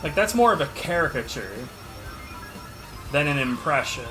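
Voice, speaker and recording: A man's voice: on the high side, sing-song, moderate pace. A man streaming a game, chatting casually and answering viewers' questions in an offhand, sarcastic way. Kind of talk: casual livestream chat while gaming. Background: game music.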